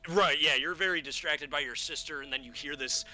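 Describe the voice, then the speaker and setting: A man running a tabletop game as game master, narrating with many halting pauses and fillers. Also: fairly high pitch.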